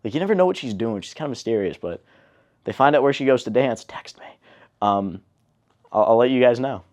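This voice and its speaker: A young man in an interview, telling a family story in a relaxed, chatty way with lots of fillers. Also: medium pitch, brisk. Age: young adult. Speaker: interviewee, older brother.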